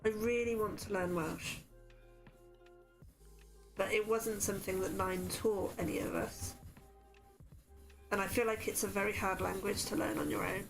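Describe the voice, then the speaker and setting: Woman, Wiltshire accent, relaxed crafting-stream chatter with soft background music. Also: mid-range voice, moderate pace, long pauses. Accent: Wiltshire English. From Wiltshire, England. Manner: chatty, self-deprecating, reads out chat messages. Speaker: card-making streamer. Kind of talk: casual chat while crafting.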